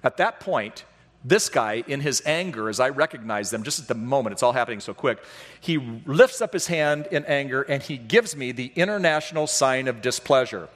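Middle-aged man, pastor, animated storyteller who mocks himself, mid-pitched, long reverb in the sanctuary. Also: normal speed. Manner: animated, self-deprecating, acts out voices in his stories. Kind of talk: storytelling sermon. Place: church sanctuary.

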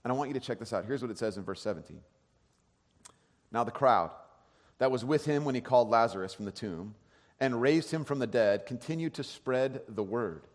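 A man preaching a sermon in a relaxed, conversational way, often checking that the audience is following. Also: mid-range voice, brisk. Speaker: pastor. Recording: long hall reverb.

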